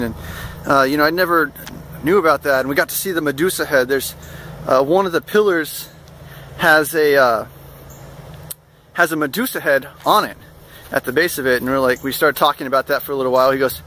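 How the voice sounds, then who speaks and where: A young man recounts a travel mishap in a loose, rambling way, full of fillers and amused asides. His voice sits a bit high and sounds bright and forward. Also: moderate pace, slight background noise. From United States. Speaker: vlogger. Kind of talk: casual storytelling.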